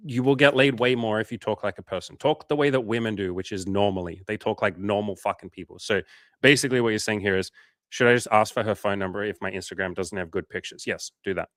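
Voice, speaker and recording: A low-voiced man hosts a casual coaching livestream, reading viewer comments aloud and answering with frank, swear-heavy advice. The sound is dry and close, with no room echo. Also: fast, fairly bright tone. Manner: blunt, profane, frank advice. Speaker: dating coach hosting a livestream.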